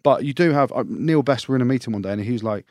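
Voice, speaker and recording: A man, a former rugby player, co-hosting a podcast and telling stories fast in casual chat, swearing freely. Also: medium pitch, a little mellow, no room sound, studio quality.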